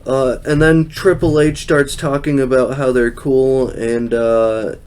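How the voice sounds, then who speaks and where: A young podcast host recaps a show in casual, rambling chat, laughing often and doing silly voices when he quotes people. His medium-pitched voice is level and darkish, and he speaks slowly.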